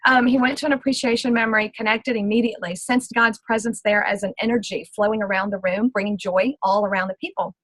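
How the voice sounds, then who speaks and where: A woman telling a personal faith story as a testimony, retelling it with lively acted-out dialogue. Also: mid-range voice, fast, hardly any pauses, dry recording, rough recording. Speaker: ministry speaker.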